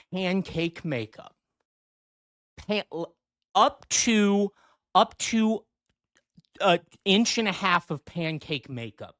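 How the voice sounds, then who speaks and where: A man hosts a comedy podcast, talking slowly with a lively, swooping pitch. He keeps breaking off to riff on his own script, and the sound is close and dry, with no room around it. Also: no room sound. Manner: digressive, self-interrupting, riffing off a script. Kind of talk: rambling comedic monologue. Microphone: desk mic.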